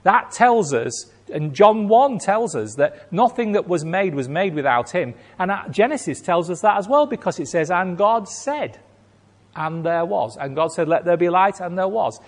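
Emphatic preacher in a reverberant hall. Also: male voice, sits high, big pitch swings, moderate pace. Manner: emphatic, rhetorical, acts out quoted reactions. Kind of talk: sermon.

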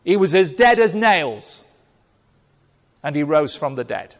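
The long reverb of a big hall surrounds this man as he preaches to his church congregation. His voice is a little high and very animated, delivered at a measured pace, and as pastor he speaks emphatically, hurling rhetorical questions at the congregation in the church hall.

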